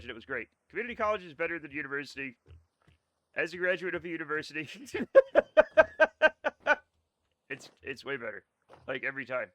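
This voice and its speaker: A man's voice: a little high, bright, forceful tone, no room sound. A young man streaming a game, chatting casually and sarcastically with his chat and swearing now and then. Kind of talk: casual chat reading live chat while gaming.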